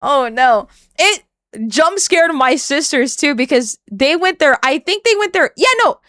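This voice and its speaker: A woman's voice: high voice, expressive, normal speed, sharp tone, no room sound, clean studio sound. A woman streamer giving casual reaction commentary, blunt and profane, often breaking into shrieks and laughter.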